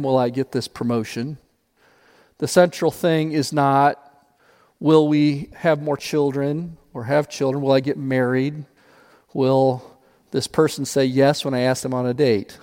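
A man preaching a sermon as pastor, emphatic, repeating key phrases and slowing down to stress them. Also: fairly high pitch, darkish tone, big-room sound.

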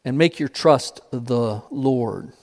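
A man preaching a sermon as pastor, emphatic, repeating key phrases and slowing down to stress them. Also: mid-range voice, a little mellow, big-room sound.

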